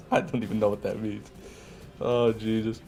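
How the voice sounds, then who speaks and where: A man's voice: fairly low pitch, flat delivery, moderate pace, darkish tone, faint music behind. An American man in live gameplay commentary, chatting with viewers in a joking, swearing way and often laughing. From United States. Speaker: gaming streamer.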